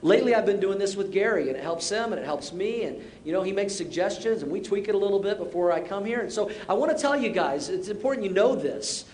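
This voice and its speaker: High-voiced pastor preaching in a roomy church. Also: male voice, expressive, quick pace, few pauses, darkish tone. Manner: conversational, self-deprecating humor with repeated short exhortations. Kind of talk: sermon. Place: church sanctuary. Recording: roomy church sound with faint rumble.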